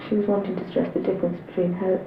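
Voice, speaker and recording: A woman's voice: on the low side, level tone, rapid-fire, roomy sound, narrow, tinny audio, background noise. A woman recalling her school days in a plain-spoken, reflective way for a documentary. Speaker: interviewee. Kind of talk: personal documentary recollection.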